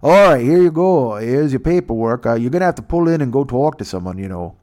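A man's voice: mid-range voice, expressive, fast talker, darkish tone, close to an everyday voice. A man doing a friendly, chatty male border officer who keeps adding "you know".

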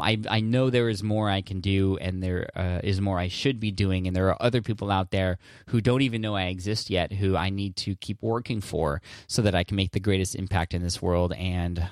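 A man's voice: low voice, no echo, studio quality. A man in his thirties hosting a podcast, talking earnestly in a casual, rambling way with frequent restarts and fillers. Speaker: podcast host answering listener questions. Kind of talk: casual solo podcast talk.

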